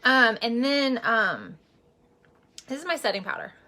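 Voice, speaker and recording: Bright, chatty woman vlogger. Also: fairly high pitch, big pitch swings, unhurried. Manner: chatty and rambling, with many fillers; earnest and emotional about faith. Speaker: makeup vlogger and direct seller. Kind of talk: casual chatty makeup vlog.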